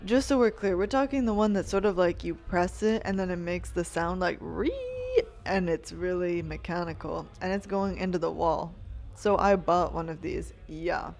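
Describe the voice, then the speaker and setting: A woman's voice: fairly low pitch, a little mellow. Rambling, chatty woman podcaster. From Canada. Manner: rambling, chatty, self-interrupting; munches snacks close to the mic. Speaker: podcast host. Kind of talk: casual solo podcast monologue.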